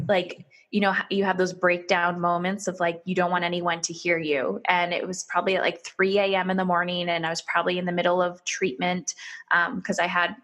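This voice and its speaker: A woman's voice: on the low side, a bit bright. Earnest woman telling a personal story. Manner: earnest, quotes herself and others in dialogue. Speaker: podcast guest telling her story.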